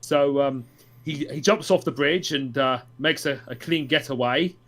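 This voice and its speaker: A man summarizing a comic story in a casual podcast chat, with many ums and pauses. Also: mid-range voice, a bit bright. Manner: hesitant, many ums and uhs. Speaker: podcast co-host.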